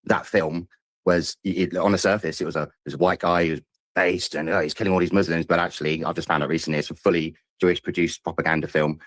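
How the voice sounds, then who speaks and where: Caller: British man, very low voice, rapid stammering delivery, dry close sound. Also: fairly even intonation, fairly bright tone, no room sound. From Britain. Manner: rushed, stammering, repeats words. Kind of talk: call-in rant.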